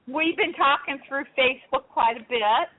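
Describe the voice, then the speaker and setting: A woman hosting a radio show, talking in a soft, hesitant way with many fillers. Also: high voice, moderate pace, no room sound. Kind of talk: casual radio talk. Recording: dry, tinny phone line.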